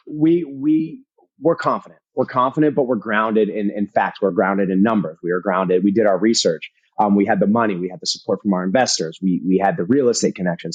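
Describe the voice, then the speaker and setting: A man talking as a guest in a casual interview, energetic and emphatic, swearing casually and repeating phrases for punch. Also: fairly low pitch, dry recording, low-quality recording. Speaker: podcast guest, fitness entrepreneur.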